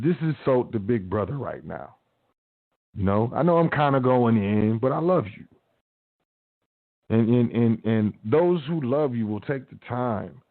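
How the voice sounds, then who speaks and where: A man's voice: mid-range voice, no echo. Man talking slangy motivation over tinny audio. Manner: big-brother tone, slangy and repetitive, acts out quotes. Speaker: radio show host. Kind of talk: casual motivational talk.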